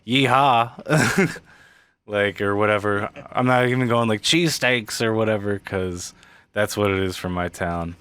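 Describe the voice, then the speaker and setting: An American man hosts a casual podcast chat, eager and loose, with swear words and lots of fillers. His voice comes across smooth and clear, recorded dry and close. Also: lowish voice, flat delivery, normal speed, fairly bright tone, dry recording. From United States. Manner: enthusiastic, swears freely, many fillers. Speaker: podcast host.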